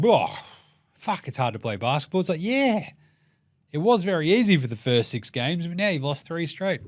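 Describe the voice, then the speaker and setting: A man's voice: fairly high pitch, no room sound, studio quality. A man with an Australian accent hosting a comedic sports show, swearing freely and acting out the people he talks about. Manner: swears freely, acts out quoted people mid-rant. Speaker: host.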